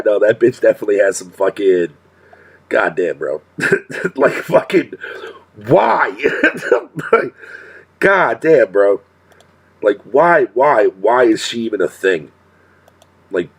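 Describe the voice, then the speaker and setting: A man's voice: on the low side, breathy edge. A male streamer talking casually to his chat in a profane rant, swearing constantly and laughing often.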